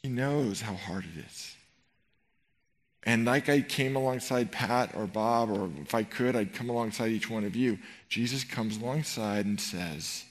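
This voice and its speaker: A middle-aged man preaching a sermon in a church, animated and rhetorical, swinging between loud emphasis and quiet tenderness. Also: mid-range voice, moderate pace. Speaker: pastor. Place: church sanctuary.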